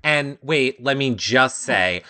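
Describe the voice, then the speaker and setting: A woman co-hosting a casual comedic TV recap, talking in a mocking, animated way and slipping into silly whiny voices. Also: rumbling low, slow. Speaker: recap show co-host. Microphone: live-streamed studio mic.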